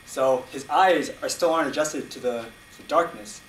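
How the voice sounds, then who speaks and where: A man improvising an animated story at a club meeting, heard from across an echoey room. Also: fairly high pitch, normal speed. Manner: animated, laughs as he tells it. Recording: echoey room, distant mic, faint noise.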